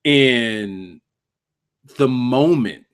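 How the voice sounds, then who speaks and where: A man's voice: mid-range voice, extremely slow, smooth. A man hosting a casual livestream review of a wrestling show, cursing freely, laughing often and joking with his chat.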